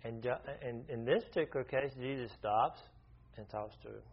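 A man's voice: medium pitch, normal speed, creaky, breathy edge. A man leading an informal Bible study, talking conversationally, often restarting his sentences and asking the group questions. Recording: dull lo-fi recording.

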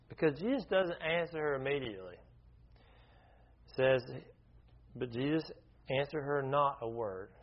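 A man leading an informal Bible study, talking conversationally, often restarting his sentences and asking the group questions. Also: a little high. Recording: dull lo-fi recording.

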